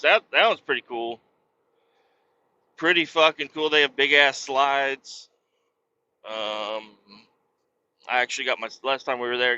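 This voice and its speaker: A man's voice: medium pitch, highs cut off. A man in his thirties, hosting a podcast, telling rambling stories with plenty of swearing. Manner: profane, rambling and animated. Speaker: podcast host. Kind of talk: casual storytelling chat.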